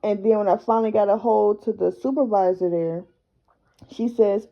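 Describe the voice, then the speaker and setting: A woman's voice: mid-range voice, fairly even intonation, normal speed, lo-fi sound. A woman whose husband is held in jail, recounting events in a plain, matter-of-fact way. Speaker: wife of a jailed man. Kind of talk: casual conversation.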